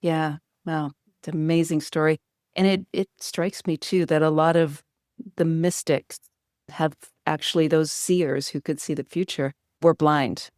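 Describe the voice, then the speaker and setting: A woman's voice: low-pitched, fairly even intonation, unhurried, darkish tone, no room sound, studio quality. A woman hosting a podcast interview, affirming her guest and asking reflective questions. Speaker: podcast host. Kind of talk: interview conversation.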